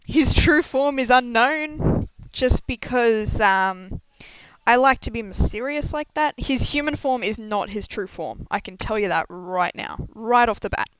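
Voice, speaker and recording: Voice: mid-range voice, fairly bright tone, smooth, dry recording. A young adult streamer chatting casually and rambling with frequent giggles and self-deprecating asides during a live stream. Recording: slightly dull lo-fi mic, dry.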